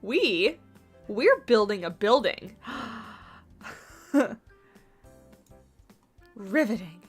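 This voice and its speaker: Woman streamer, bright crisp voice, a bit high, chatty and rambling, home mic with soft music behind. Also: lively intonation, measured pace. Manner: chatty, rambling, talks to chat readers. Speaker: livestreamer. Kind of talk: casual chat while building in a game. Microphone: USB desktop mic on boom arm.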